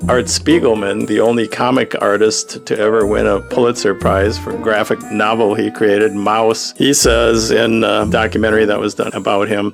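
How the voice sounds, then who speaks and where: A man's voice: on the low side, flat delivery, normal speed, vocal fry, hardly any pauses. An older man, a cartoonist and publisher, telling wry, sardonic anecdotes in a reflective lecture style. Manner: wry, storytelling, dryly sardonic. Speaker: cartoonist and humor magazine publisher. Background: background music.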